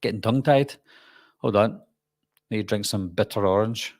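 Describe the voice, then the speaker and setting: Low-voiced Glaswegian man, chatty host. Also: normal speed, dry recording, clean studio sound. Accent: Glaswegian Scottish. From Scotland. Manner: chatty, reads out viewer comments and answers them. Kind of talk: casual live-stream Q&A.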